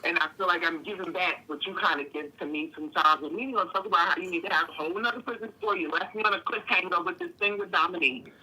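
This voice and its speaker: Bright-voiced woman calling in, effusive and profane. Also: fairly low pitch, fast talker, few pauses, husky, rough recording. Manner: effusive and profane, talking freely. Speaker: caller. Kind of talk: casual phone chat. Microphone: phone call.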